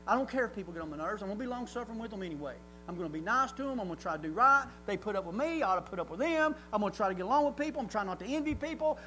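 A man preaching a sermon in a church, folksy and conversational, building to loud, fervent emphasis. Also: extremely high pitch, a little hiss or hum, rough recording.

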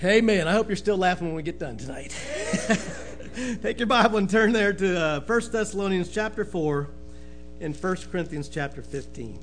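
A high-voiced man opens a sermon with folksy jokes, calling out "amen" and "brother" often and laughing at his own humor. His intonation is lively, his pace moderate and his tone fairly bright, with soft music playing in the background.

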